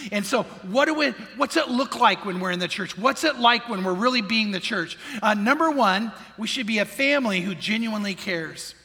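Male pastor, high tenor, earnest sermon in a big reverberant church hall, quizzing the congregation. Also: expressive, moderate pace, hardly any pauses, sharp tone. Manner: earnest preaching with questions to the congregation. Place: church sanctuary.

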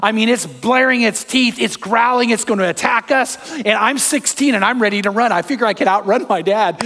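A pastor preaching a sermon, telling personal stories that move from hushed to fervent. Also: male voice, sits high, fairly quick, few pauses, big-room sound.

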